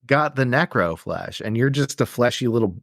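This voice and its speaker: A man co-hosting a podcast, casually retelling a film's plot in a loose, rambling way with quick acted-out quotes. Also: medium pitch, lively intonation, vocal fry, fairly bright tone, no room sound, clean studio sound. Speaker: podcast co-host. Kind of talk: casual movie recap chat.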